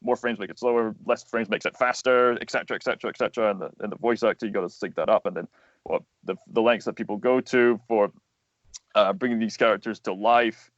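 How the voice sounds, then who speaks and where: A man's voice: fairly low pitch, fairly even intonation, quick pace, dry recording, dull audio. A man, a voice actor and animator, talking as a guest in a casual interview, explaining earnestly at length with plenty of fillers.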